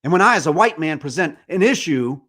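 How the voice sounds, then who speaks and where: A podcast host in his forties pours out an angry, impassioned monologue, swearing often. His voice sits high for a man. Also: expressive, fairly quick, a bit bright. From United States. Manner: angry, profane ranting.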